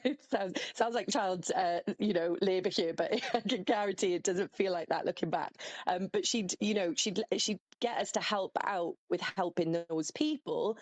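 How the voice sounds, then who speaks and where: A woman's voice: on the low side, no room sound. A woman calling in to a group chat, telling a story in a rambling, amused way with many fillers. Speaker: caller. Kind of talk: casual storytelling.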